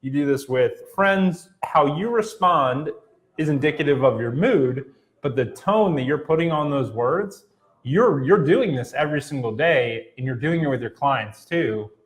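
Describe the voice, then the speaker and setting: A man's voice: a little high, animated, measured pace. Conversational man co-hosting a podcast. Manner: conversational, illustrates with everyday examples. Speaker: podcast co-host. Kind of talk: casual chat.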